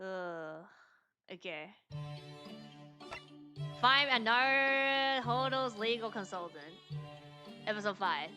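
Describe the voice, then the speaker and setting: A woman's voice: mid-range voice, animated, slow, long pauses, sharp tone, clear, resonant tone. A woman streamer reading a game's dialogue aloud and voicing every character herself, with casual asides between lines. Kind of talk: reading game dialogue aloud in a let's-play. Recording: game music playing underneath.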